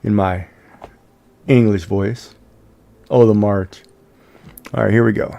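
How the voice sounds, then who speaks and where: A man's voice: on the low side, steady tone, takes it slowly, vocal fry, pauses often, mellow. A man streaming and chatting casually, rambling with lots of fillers and restarts. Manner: rambling, many "you know" fillers and restarts. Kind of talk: casual live-stream chat.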